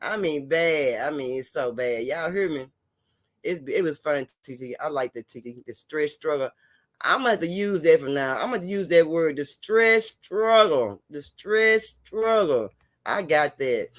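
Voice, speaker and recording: A high-pitched man, chatting casually to viewers on a livestream. He is lively and repeats himself, laughs a lot and drops catchphrases into his talk, and the sound comes through a phone or webcam mic. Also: normal speed. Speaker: livestream host.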